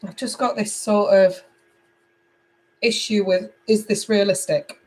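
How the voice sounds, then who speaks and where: A woman's voice: medium pitch, measured pace, low-quality recording. Chatty woman doing a live tarot reading. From England. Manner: chatty, animated, reads cards aloud and talks to viewers. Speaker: tarot reader.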